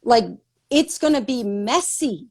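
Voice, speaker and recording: Effusive, animated woman on a call. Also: fairly high pitch, slow. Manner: effusive, tumbling, animated and laughing often. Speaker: guest author. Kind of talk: casual conversation over video call.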